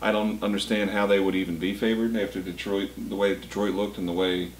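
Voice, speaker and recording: A man's voice: low-pitched, little pitch movement, fast talker, a little hiss or hum. Blunt joking man in an echoey room. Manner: blunt, joking, stumbles and restarts. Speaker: co-host of a sports picks show. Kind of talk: casual sports betting chat.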